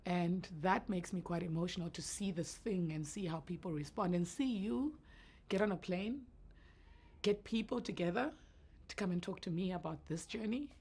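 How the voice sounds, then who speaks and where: A woman in her thirties with a naturally deep voice, talking earnestly and reflectively as a guest in an interview. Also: normal speed, a little mellow, husky. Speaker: entrepreneur guest. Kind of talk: emotional interview answers.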